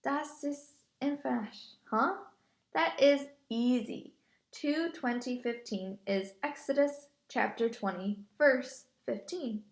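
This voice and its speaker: A woman voicing a courtly male medieval printer with a thick German accent, speaking slowly and eagerly. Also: very high voice, vocal fry, full character voice. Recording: echoey room.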